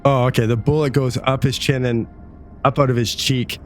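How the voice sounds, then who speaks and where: A man's voice: medium pitch, steady tone, normal speed, soft background music. A man narrating a tabletop game as game master, casual and vivid. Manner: casual, vivid, laughing often.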